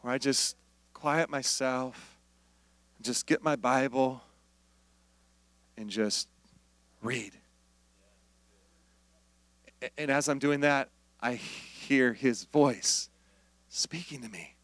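A male pastor preaching an animated sermon, acting out voices and dropping to near-whispers. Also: mid-range voice, drawn-out words, pauses often, no room sound.

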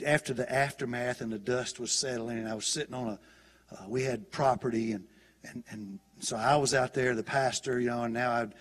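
A middle-aged male pastor preaching a sermon in a church, talking conversationally and often restarting and repeating words. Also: medium pitch. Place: church sanctuary.

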